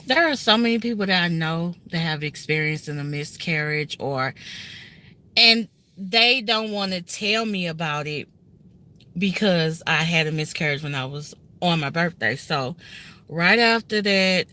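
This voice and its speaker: Sitting in a car, a woman in her thirties with a lowish, sharp-toned voice speaks a little slowly. She tells a personal story in a casual, heartfelt story-time vlog, earnest and emotional, often addressing her viewers directly.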